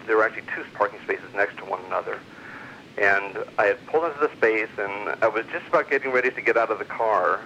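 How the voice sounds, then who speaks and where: A man's voice: lowish voice, pushed and bright. A middle-aged man telling a long personal story in a casual, rambling way, with many fillers and restarts. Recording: muffled lo-fi recording, faint hiss.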